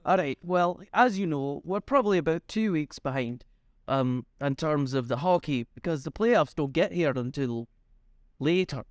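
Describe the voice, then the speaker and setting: A man's voice: a little high, expressive, normal speed, no echo. A man co-hosting a podcast in casual chat, rambling and teasing as he jokes with his friend. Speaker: podcast co-host.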